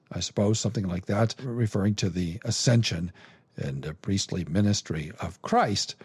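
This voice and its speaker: Husky-voiced man teaching scripture. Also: fairly low pitch, warm tone, dry recording. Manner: measured, halting, lots of fillers and restarts. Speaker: podcast host and theology teacher.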